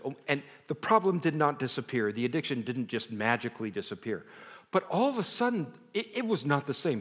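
A man's voice: mid-range voice, fairly bright tone, breathy edge. Earnest middle-aged male preacher in a reverberant hall. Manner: conversational, earnest storytelling with self-deprecating asides. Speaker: pastor. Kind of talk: sermon. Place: large hall before a congregation.

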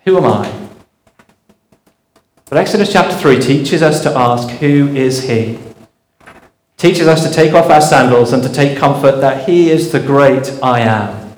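A man's voice: mid-range voice, moderate pace, reverberant, poor audio. A man preaching a sermon, earnest and storytelling, asking rhetorical questions.

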